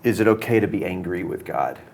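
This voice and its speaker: A man's voice: deep voice, brisk, darkish tone. A middle-aged man, a pastor, talking thoughtfully in a casual conversation, often hesitating and repeating words. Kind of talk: casual conversation about faith.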